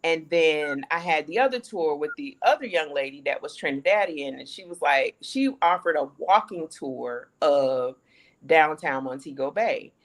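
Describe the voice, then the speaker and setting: American woman, storyteller on a chat panel, pitch jumping all over, acts out voices. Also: normal speed. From United States. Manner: animated storyteller acting out quoted dialogue, laughing often. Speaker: panelist sharing her relocation story.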